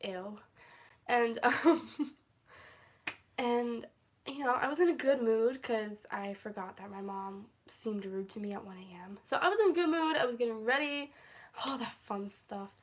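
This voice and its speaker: A young woman with a somewhat high voice chats through a storytime vlog into her phone at home. She rambles, drifts off topic and laughs often as she talks. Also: measured pace. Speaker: vlogger. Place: at home, indoors.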